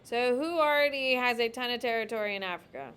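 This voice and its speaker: A woman's voice: a little high, fast talker, a bit bright, slight background noise. Casual, emphatic woman teacher. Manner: casual, emphatic, talks while drawing on a map. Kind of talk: classroom lecture. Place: classroom.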